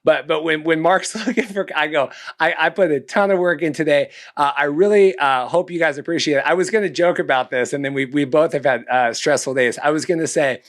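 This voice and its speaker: A man's voice: a little high, brisk, few pauses. A young man co-hosting a casual podcast, rambling and self-deprecating, often restarting his sentences. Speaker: podcast co-host.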